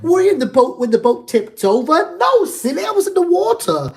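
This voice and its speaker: Silly mock-British youngster, streamer's put-on voice: squeaky, cheeky, very high. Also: big pitch swings, fairly quick.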